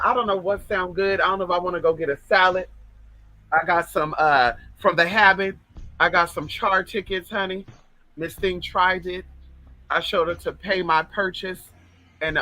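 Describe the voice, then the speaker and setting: A man's voice: high-pitched, pushed and bright, no echo, low-quality recording. A man hosting a casual livestream, talking in a sassy, flamboyant way, swearing freely and reading out viewer comments.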